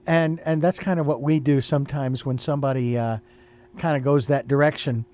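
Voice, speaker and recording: An older man hosting a casual spiritual talk, pausing and restarting as he searches for the right words. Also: mid-range voice, fairly even intonation, darkish tone. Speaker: host.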